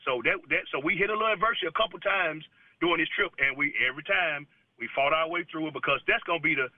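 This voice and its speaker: A man's voice: fairly high pitch, fast, no room sound. A male basketball coach calling in to a sports radio show, telling stories casually with slang. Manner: casual, animated storytelling with slang. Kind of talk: phone-in interview. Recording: tinny phone line.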